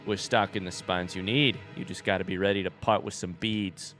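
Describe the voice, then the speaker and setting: A man voicing two gruff male bug scrap merchants in a game, speaking slowly with a put-on Boston and New York accent. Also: low-pitched, steady tone, fairly bright tone, soft background music, pitched below the performer's own voice.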